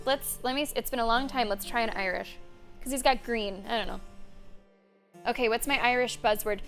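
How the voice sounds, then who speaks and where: A woman game streamer chatting loosely between bits of the game, animated, quick to laugh and to swear. Her voice sits a little high. Faint music runs underneath. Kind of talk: casual gameplay commentary. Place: warm room with a fan running.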